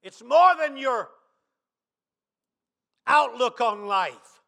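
A man pastor preaching a sermon, dropping quiet, then rising to shouted emphasis. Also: very high voice, measured pace.

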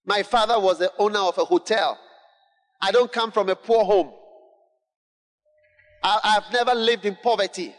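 High-voiced preacher in an echoing hall. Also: male voice, moderate pace, pauses often. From Ghana. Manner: emphatic, repetitive, building to shouts, call-and-response. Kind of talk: sermon. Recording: long hall reverb.

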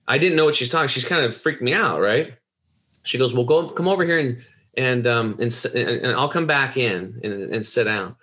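A man recounts a personal experience in a casual, heartfelt way. His voice sits at an ordinary middle pitch. He rambles, doubles back and repeats words as the thoughts come. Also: moderate pace, pushed and bright. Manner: earnest, rambling with restarts. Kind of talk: casual storytelling.

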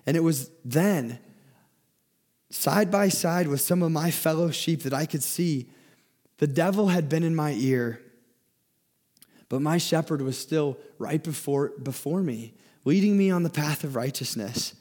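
A man's voice: a little high, measured pace, darkish tone. Earnest young man preaching. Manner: earnest, often repeats and restarts words. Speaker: speaker giving a talk. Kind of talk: sermon.

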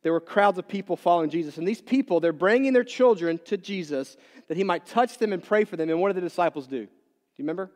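A pastor giving a sermon, asking the congregation many questions and moving between loud emphatic bursts and quiet low asides. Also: male voice, fast talker. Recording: long reverb in a large hall.

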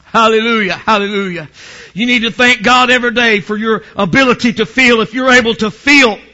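A male preacher, delivering a fiery sermon that swings into shouting, with "praise God" refrains. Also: very high-pitched, fairly quick, highs cut off.

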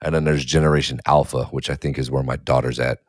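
A man's voice: extremely low pitch, level tone, fast talker, dry recording, studio quality. A man in his thirties chatting casually as a podcast co-host, blunt and profane, laughing easily. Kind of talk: casual chat.

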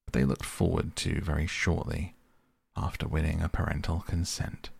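Deep, gravelly male storyteller. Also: steady tone, a little mellow, no room sound. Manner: slow, measured reading. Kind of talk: scripted storybook narration.

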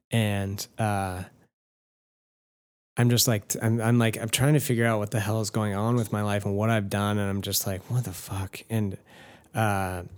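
Low-voiced man telling a rambling story. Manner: self-deprecating, swears freely, rambling asides. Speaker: podcast host telling a story. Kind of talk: casual storytelling chat.

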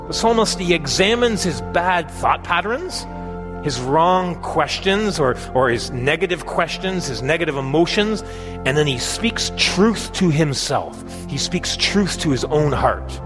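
A man preaching an earnest sermon, his fairly high voice ringing through a hall with a long echo. He asks his listeners direct questions and lets the psalm's pleas climb in intensity. Soft music plays faintly behind him. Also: expressive, unhurried.

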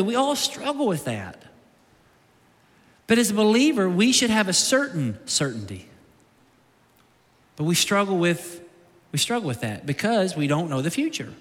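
Urgent preacher in a big hall. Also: male voice, high voice. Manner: urgent, exhorting preacher with repeated refrains. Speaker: pastor. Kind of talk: sermon. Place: large church sanctuary. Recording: long reverb of a big hall.

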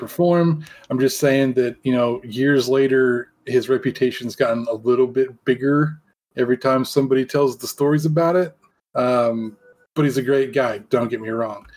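A man's voice: medium pitch, natural voice. A man doing a frank enclave founder. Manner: casual, rambling with fillers.

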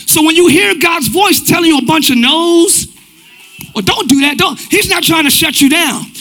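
A male pastor preaching live in a church, with a very high and bright, forceful voice. He keeps a loose, conversational delivery full of slang and stays lively throughout. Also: moderate pace. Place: church sanctuary.

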